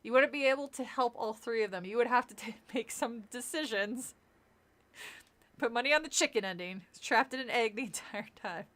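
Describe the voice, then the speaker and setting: A woman with a fairly high, bright voice reads a spooky children's book aloud on a casual stream. She laughs often, trips over words and corrects herself, and wanders into chatty asides before returning to the story. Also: brisk. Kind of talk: casual live-stream read-through with tangents.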